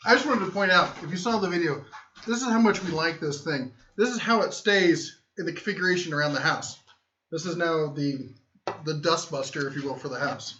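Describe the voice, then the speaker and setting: A man's voice: on the high side, fairly quick, bright, forceful tone, a little hiss or hum. Easygoing man quipping on a lo-fi stream. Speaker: livestream host. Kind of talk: casual family livestream chat. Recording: dull lo-fi stream audio.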